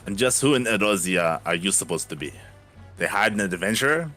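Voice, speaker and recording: A man's voice: fairly low pitch, lively intonation, brisk, sharp tone, soft background music. A man reading game dialogue aloud as a brusque male dock overseer, in his own plain voice.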